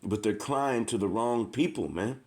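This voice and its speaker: A man's voice: fairly low pitch, normal speed, a little mellow. Man, informal preacher, impassioned, repetitive, reads scripture aloud. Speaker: street preacher.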